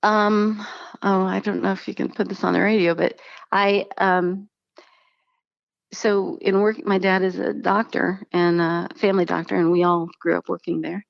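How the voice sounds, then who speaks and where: A woman, probably in her thirties, tells her personal story in casual conversation with a creaky, medium-pitched voice at normal speed. She animatedly acts out the voices of the people she quotes, and the lo-fi recording has no room sound.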